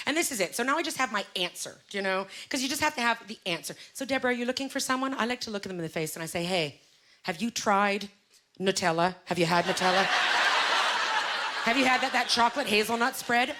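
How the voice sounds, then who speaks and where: A woman from Canada in her thirties performing a stand-up comedy set on a club stage, loud and animated, exclaiming at the crowd. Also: on the high side. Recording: live stage recording with audience noise.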